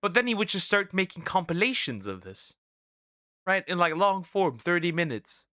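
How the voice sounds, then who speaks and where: A man streaming, reacting to clips with exasperated, swearing commentary that bursts into laughs and shouts. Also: high voice, sing-song, moderate pace, no room sound, clean studio sound.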